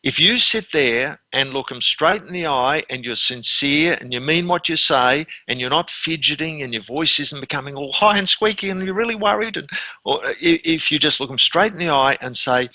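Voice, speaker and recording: Bright-voiced Australian man in his fifties. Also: fairly high pitch, normal speed, dry recording. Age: 50s. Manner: earnest, anecdotal, frequent restarts. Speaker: dentist and consultant guest. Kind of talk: conversational interview.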